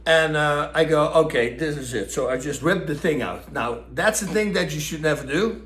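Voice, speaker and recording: A middle-aged man with a Dutch accent telling a story casually and animatedly, acting out what people said. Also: normal speed. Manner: animated, acts out quotes with raised pitch. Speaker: storyteller host. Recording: echoey room.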